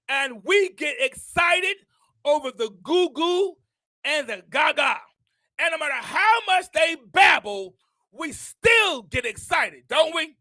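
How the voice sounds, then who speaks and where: An older man hosting a show, preaching a motivational message with impassioned repetition that rises into shouts. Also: extremely high pitch, dry recording. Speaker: host.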